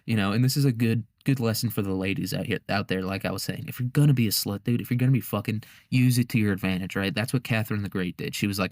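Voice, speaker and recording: A man's voice: lowish voice, steady tone, fast talker, hardly any pauses, no echo, clean studio sound. A man hosting a podcast, telling history as a casual comedic monologue, rambling and swearing, with frequent laughter. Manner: profane, rambling, laughs often. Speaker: podcast host.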